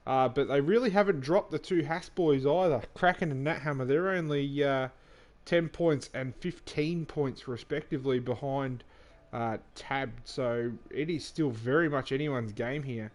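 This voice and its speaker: A man's voice: medium pitch, a little slow. Australian male co-commentator, dry humour, easygoing, many ums. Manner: relaxed, dry banter, filler-heavy. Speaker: sim racing commentator. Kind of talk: casual live commentary.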